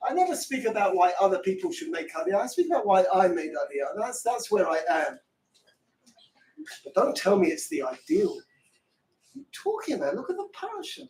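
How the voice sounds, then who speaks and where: A middle-aged man teaching an impassioned Torah class, firing off rhetorical questions and breaking into shouts, recorded in a classroom from a distance. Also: sits high, huge pitch swings, normal speed. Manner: fervent, many rhetorical questions, bursts into shouting. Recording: echoey room from far off.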